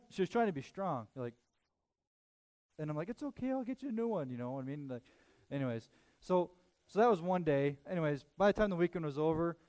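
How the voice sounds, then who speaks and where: A man in his thirties preaches through a long, self-deprecating anecdote. He jumps between quick asides and jokes at his own expense. His speaking voice sits a little higher than most men's. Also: darkish tone. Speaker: pastor. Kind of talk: storytelling sermon.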